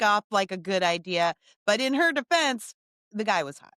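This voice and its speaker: Bright, chatty woman co-hosting from home. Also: medium pitch, expressive, normal speed, smooth, dry recording. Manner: chatty and musing, wondering aloud, laughs often. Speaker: podcast co-host. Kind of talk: casual chat reviewing a film.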